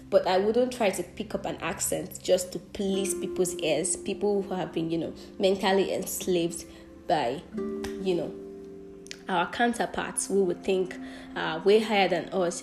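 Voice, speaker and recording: Young Nigerian woman, earnest podcast monologue. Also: fairly low pitch. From southwestern Nigeria. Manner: earnest, reflective, self-correcting with frequent restarts. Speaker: podcast host. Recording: echoey room with music behind.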